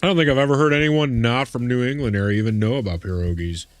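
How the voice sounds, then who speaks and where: A man live-streaming a game and talking easygoingly to his chat, friendly and hyping his viewers up. His voice sits at an ordinary middle pitch, recorded close and dry on a desk mic with faint music underneath. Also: fast, no room sound. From Midwest US. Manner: chummy, calls chat "big man", hypes up viewers. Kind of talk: casual live-stream chat while gaming.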